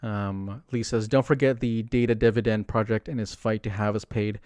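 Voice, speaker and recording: A young man chatting casually on a livestream, rambling with lots of fillers and animated asides. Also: lowish voice, moderate pace, dry recording, clean studio sound. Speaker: streamer commenting on politics.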